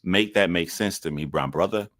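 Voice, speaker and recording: A man's voice: low-pitched, normal speed, a bit bright. A man giving casual reaction commentary to a video, talking in an earnest, rambling way with some swearing.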